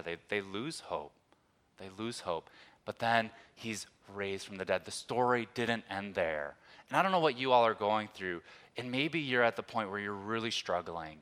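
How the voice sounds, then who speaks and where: A married man preaching a conversational sermon, moving between hushed, tender moments and loud, emphatic ones. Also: medium pitch. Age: adult, old enough to be married. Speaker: pastor.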